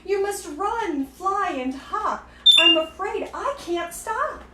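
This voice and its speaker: A storybook elephant, high-strung and pleading, pitched well above the woman who puts it on. The voice is bright and high, and the room rings with echo. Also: animated, slow, distant mic, very noisy, full character voice. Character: fretful elephant who must sneeze.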